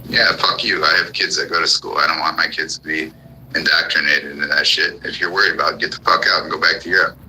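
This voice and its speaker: An American man with an extremely low voice hosts a live audio room, delivering a heated political rant. His flat, quick speech sounds pushed and bright, and it's full of angry profanity and repeated commands and questions. The audio is poor, with a little hiss or hum.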